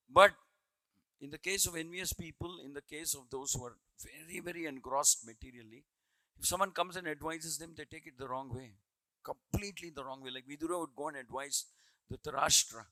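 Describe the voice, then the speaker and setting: A man lecturing on scripture with earnest storytelling, circling back over his phrases to build a point. His voice sits a little high and sounds bright and forceful. The sound is dry and close. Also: moderate pace, dry recording, poor audio. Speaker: scripture class speaker.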